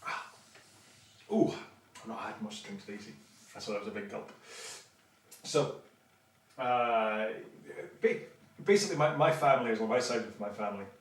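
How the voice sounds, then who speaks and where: A man's voice: lowish voice, normal speed, long pauses. Male host in his fifties, rambling livestream chat, echoey room, mic set back from him. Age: 50s. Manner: rambling, chatty, many restarts. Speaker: online rowing class host. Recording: roomy, mic at a distance.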